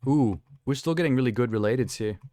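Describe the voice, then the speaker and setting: A man's voice: medium pitch, fast talker, dark tone, no echo, clean studio sound. A young man live streaming, chatting casually and rambling with self-amused asides while reacting to trailers.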